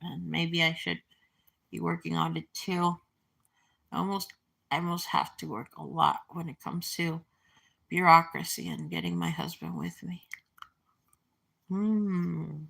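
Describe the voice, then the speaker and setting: A woman's voice: lowish voice, steady tone, a little slow, vocal fry, long pauses, fairly bright tone. A woman in her forties talking to camera in a casual, meandering way, reminiscing with many fillers and restarts. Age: 40s. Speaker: vlogger. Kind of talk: casual rambling monologue.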